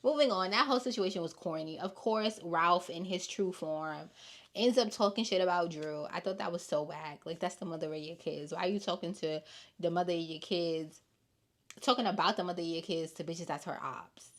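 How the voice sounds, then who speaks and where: A young woman hosting a podcast, giving blunt, animated gossip commentary and repeating her points for emphasis. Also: fairly low pitch, brisk. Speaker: podcast host.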